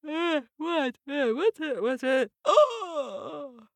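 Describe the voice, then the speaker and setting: A woman's voice: high voice, big pitch swings, very slow, no echo, voice pushed up, full character voice. A woman voicing a clever father mouse in a children's story. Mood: groggy. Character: clever father mouse, sleepy then brave.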